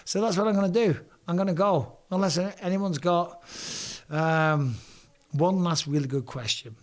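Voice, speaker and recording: A man with a hoarse, strained voice runs a casual live stream. He reads viewer comments aloud and answers them with cheeky banter and casual swearing, and his pitch sits slightly high for a man. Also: measured pace. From England.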